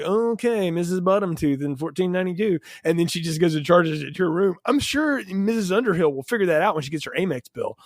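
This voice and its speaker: A man co-hosting a film review podcast, chatting casually with frequent laughs and quick stories. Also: high voice, no room sound, studio quality. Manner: animated, laughs often, tells anecdotes. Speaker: podcast co-host.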